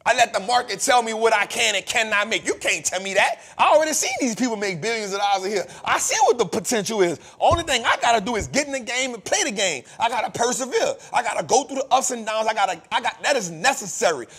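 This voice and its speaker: A man's voice: high-pitched, expressive, fast talker, hardly any pauses, bright, forceful tone, breathy edge. A man hosting a podcast, giving a preachy, emphatic motivational finance talk full of repetition and casual street slang. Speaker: podcast host.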